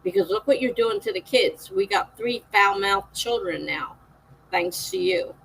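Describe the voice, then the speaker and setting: A woman's voice: mid-range voice, expressive, a little slow, gravelly, a bit bright, breathy edge, low-quality recording. A middle-aged woman hosting a live stream, chatting casually with viewers, laughing often and reading out their comments.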